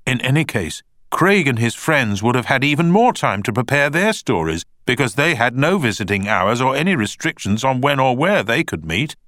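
A man voicing a defiant, emotional young woman witness in court, raising his voice high to protest and insist. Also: very animated, normal speed, hardly any pauses, fairly bright tone, no room sound, clean studio sound. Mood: insistent. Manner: raised falsetto, insistent protests. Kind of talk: audiobook character voice.

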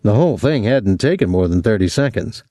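Expressive male audiobook narrator. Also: on the low side, brisk, no echo, studio quality. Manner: expressive, voices each character. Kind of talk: scripted novel narration.

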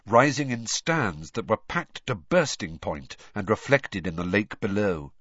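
A man reading an audiobook aloud as scripted narration, in an expressive storybook manner. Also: mid-range voice, dry recording, dull audio.

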